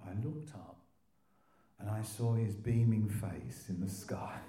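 A man's voice: on the low side, animated, a little slow, warm tone, roomy sound. An older man from England telling his recovery story in a rambling testimony, with restarts and little laughs. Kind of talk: personal testimony talk.

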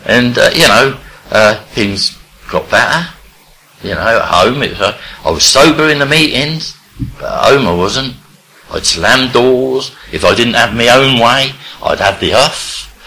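An older man from England, telling his life story in a rambling, halting way with many restarts. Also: mid-range voice, animated, bright, forceful tone, rough recording. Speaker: recovery speaker sharing his story. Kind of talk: personal storytelling.

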